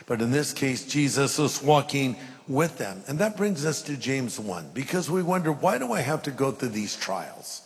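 A man's voice: mid-range voice, slightly rough. A middle-aged male pastor preaching a sermon, reading scripture aloud and acting out the voices in it. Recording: long hall reverb.

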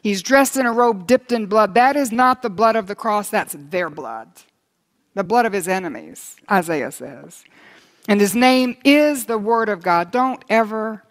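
A woman preaching a sermon in an emphatic way. She slows down for stress and lifts her voice when she reads scripture aloud. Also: mid-range voice, lively intonation. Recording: long hall reverb.

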